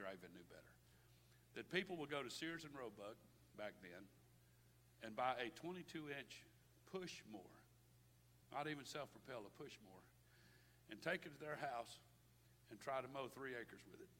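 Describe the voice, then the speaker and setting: A man's voice: mid-range voice, fairly bright tone. An older man preaching a sermon as pastor, impassioned and folksy, often repeating words. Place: church sanctuary. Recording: long hall reverb, faint noise.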